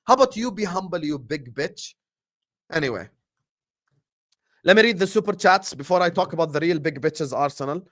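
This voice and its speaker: A young man hosting a casual football livestream, animated and teasing, swinging between loud bursts and hushed asides. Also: on the high side, moderate pace, no echo, studio quality. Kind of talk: casual fan livestream rant.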